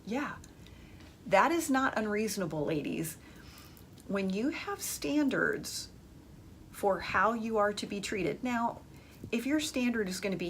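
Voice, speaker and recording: A woman's voice: a little high, big pitch swings, measured pace, creaky, a little hiss or hum. A woman hosting an advice podcast, speaking emphatically and conversationally as she addresses her listeners directly. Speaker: dating advice host.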